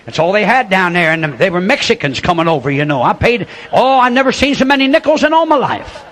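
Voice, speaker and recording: An older man preaching a sermon as a folksy storyteller, building to shouts. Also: sits high, sing-song, brisk, slight background noise.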